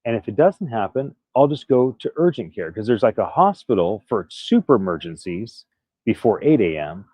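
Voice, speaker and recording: A man's voice: on the low side, very animated, moderate pace, mellow, breathy edge, no room sound. A man recovering from illness, earnestly telling a personal story to camera in a casual, candid way. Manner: candid, earnest, prone to restarts and little laughs. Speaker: vlogger.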